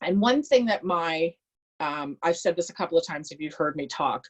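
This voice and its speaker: A woman from Canada giving a motivational talk, telling a personal story with animated delivery. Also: low voice, normal speed. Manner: animated, acts out quoted voices. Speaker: motivational speaker.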